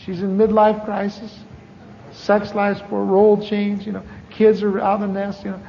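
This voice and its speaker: A man's voice: high-pitched, completely flat delivery, normal speed, vocal fry. A middle-aged man preaching a personal testimony, candid and storytelling, with wry asides. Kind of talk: testimony sermon. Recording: dull archive recording with long hall reverb.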